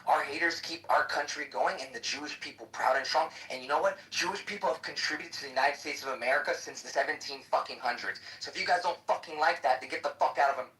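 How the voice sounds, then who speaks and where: Fast, bright-voiced man ranting profanely. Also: fairly high pitch. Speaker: debater in a live app chat room. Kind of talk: heated live debate. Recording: echoey, distant livestream audio.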